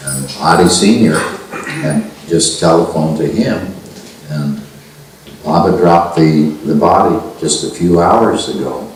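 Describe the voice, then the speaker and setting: An older man telling a personal story to a seminar group, halting and restarting often. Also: very deep voice, a little hiss or hum. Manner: halting, with frequent restarts and fillers. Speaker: seminar speaker. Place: meeting room at a spiritual center. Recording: roomy archival recording from far off.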